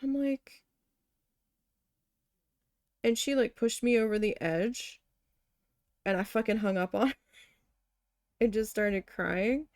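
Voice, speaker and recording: Gravelly-voiced, profane woman crafting vlogger. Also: medium pitch, slow, long pauses, a little mellow, no echo, studio quality. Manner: blunt, heavily profane storytelling. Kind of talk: casual storytelling chat while needle felting.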